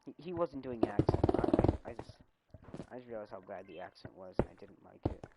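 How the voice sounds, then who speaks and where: A young man streaming casually, rambling with many fillers, his volume swinging loud and soft. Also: fairly low pitch, very animated, a little fast, very noisy. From United States. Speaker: railfan streamer. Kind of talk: casual gameplay stream chat. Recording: loud music behind.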